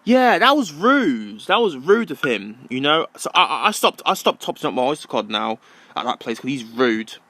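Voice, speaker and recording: A man's voice: mid-range voice, expressive, fairly quick, sharp tone, dry recording. A young man ranting casually to camera, rambling and repeating himself with many ums. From London. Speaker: vlogger.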